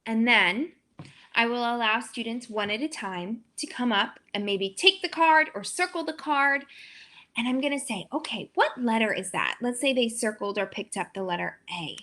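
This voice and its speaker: A young adult woman explains a classroom phonics lesson in a bright, fairly high voice. She slows right down to sound out letters and words, pausing on each sound the way she would for young students. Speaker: teacher. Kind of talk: demo lesson walkthrough.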